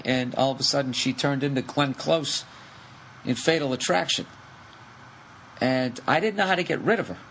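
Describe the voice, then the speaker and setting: A man's voice: medium pitch, slight background noise. A man with a Boston accent telling a long comic story on a podcast, swearing freely and acting out the people in it. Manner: profane, animated, acts out the people in his story. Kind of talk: casual storytelling.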